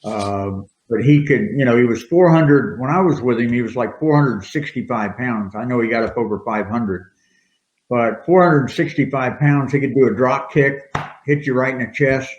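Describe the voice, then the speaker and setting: A man's voice: medium pitch, normal speed. Older male storyteller, rambling and chuckling; echoey room, muffled lo-fi mic. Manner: rambling, laughing anecdotes. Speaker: retired wrestler guest. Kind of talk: casual storytelling interview. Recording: roomy, dull lo-fi sound.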